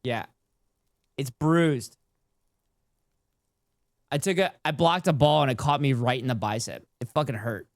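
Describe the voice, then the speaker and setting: Brief: male gaming streamer, casual and profane, mid-pitched, dry sound. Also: a little slow, pauses often, dry recording. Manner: excitable, profane, chatty with viewers. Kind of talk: casual live-stream gameplay chat.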